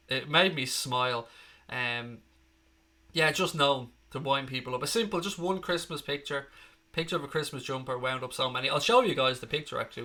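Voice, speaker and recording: A man's voice: medium pitch, bright, forceful tone. A man in his thirties with an Irish accent, hosting a live football fan stream in a chatty, blunt way, reading out viewer comments. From Ireland. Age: 30s. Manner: chatty, blunt, swears freely. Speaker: fan channel host.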